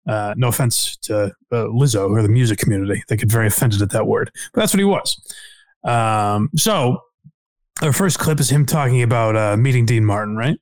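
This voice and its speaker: A man hosting a podcast in casual chat, hesitant, with many fillers and sudden upward pitch jumps. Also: moderate pace, no room sound. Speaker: podcast host.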